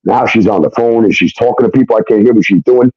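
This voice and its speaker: A man's voice: fairly low pitch, quick pace, a little mellow, no echo. A man telling a personal story in a casual, emphatic way, often swearing and tagging sentences with "okay?". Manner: emphatic, profane, keeps adding "okay?". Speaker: guest. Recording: dull, dry lo-fi sound.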